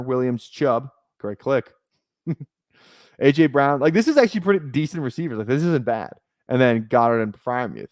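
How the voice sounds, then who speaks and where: A man's voice: medium pitch, dry recording, studio quality. A young man streaming live, chatting casually and thinking aloud as he talks. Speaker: fantasy football streamer.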